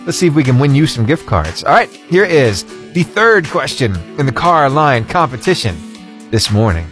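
A man's voice: medium pitch, sing-song, moderate pace, a bit bright, soft background music. A cheerful man, hosting a radio morning show in upbeat call-in chat, chuckling often. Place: radio studio.

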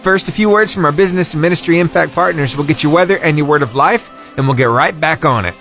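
A man's voice: a little high, fast talker, fairly bright tone, faint music behind. A cheerful man, hosting a radio morning show in upbeat call-in chat, chuckling often. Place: radio studio.

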